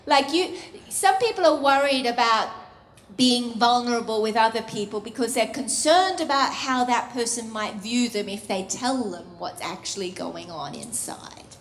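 A woman preaching a sermon, expressive, with bursts of laughter and sung phrases. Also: fairly high pitch, normal speed, echoey room.

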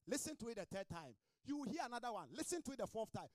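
A man's voice: very high voice, sing-song, fast talker, hardly any pauses, dry recording. A man pastor preaching a fervent sermon in a small church, calling out to members of his congregation by name.

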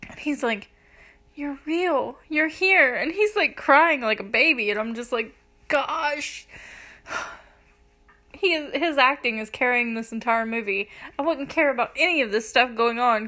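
Speaking with a fairly high, pushed, bright voice, a young woman chats her way through a scene-by-scene movie recap as a reviewer. Gushing and peppering her speech with "like," she laughs between lines yet seems close to crying.

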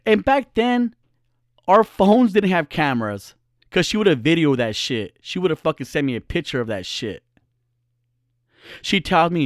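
A man's voice: a little high, very animated, normal speed, no echo, studio quality. Blunt, cursing middle-aged male storyteller. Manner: blunt, profane, acts out the voices. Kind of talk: casual personal storytelling.

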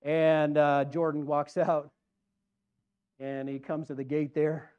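A man's voice: fairly high pitch, flat delivery, slow pace, clear, resonant tone, dull audio. A man preaching a conversational sermon, rambling and putting questions to the congregation.

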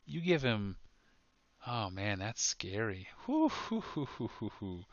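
A man co-hosting a casual sports podcast, excitable and quick to laugh, often restarting his sentences. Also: fairly low pitch, dry recording, highs cut off. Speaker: podcast co-host.

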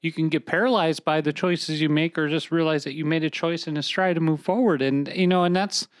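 A woman's voice: sits low, steady tone, no echo. Rambling woman podcast host, dry mic. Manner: rambling, halting restarts, laughs often. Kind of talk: casual podcast chat.

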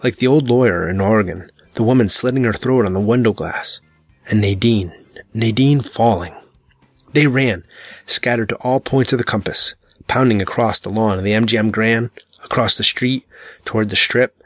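Low-voiced man reading a dark novel. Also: normal speed, no room sound. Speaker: audiobook narrator. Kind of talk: scripted narration.

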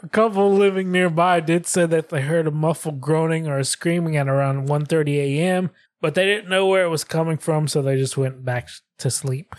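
A young man co-hosts a podcast, telling the details of a case in a loose, crude way. His voice sits fairly high. The sound is dry and close, with no room around it. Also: fairly even intonation, moderate pace, hardly any pauses, dry recording. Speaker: podcast co-host. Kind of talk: casual podcast chat.

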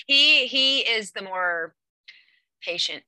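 A woman's voice: on the high side, lively intonation, sharp tone, clear, resonant tone, no room sound, low-quality recording. A woman and mother talking candidly about parenting, venting with frequent laughs. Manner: candid, laughs often, quick to vent. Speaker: mother of daughters. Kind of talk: casual chat.

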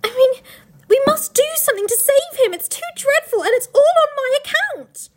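A woman's voice: very high voice, expressive, normal speed, pitched above the performer's own voice. A woman reading aloud as an anxious, earnest young girl from a storybook, pleading urgently.

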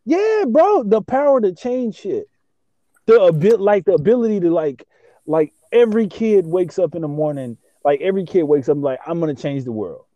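A young man in casual chat, excitable and slangy, swearing and stacking fillers as he talks. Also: sits high, normal speed, no room sound. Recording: dull lo-fi sound.

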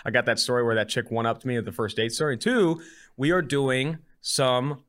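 A man's voice: mid-range voice, moderate pace. A man in his twenties hosting a podcast, chatting casually and telling stories with jokey energy. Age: 20s. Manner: animated storytelling, jokey. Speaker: podcast host.

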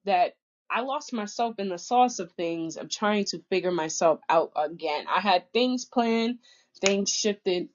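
A woman's voice: mid-range voice, animated, a little slow. Woman vlogger, candid and emotional, plain-spoken, muffled lo-fi recording. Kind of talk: personal vlog monologue. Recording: dull lo-fi audio.

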